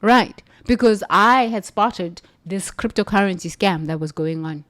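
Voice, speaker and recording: A woman from the United States, a former nun, telling a spiritual story in an emphatic, animated way. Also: mid-range voice, a little slow. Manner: animated, emphatic, laughs between lines.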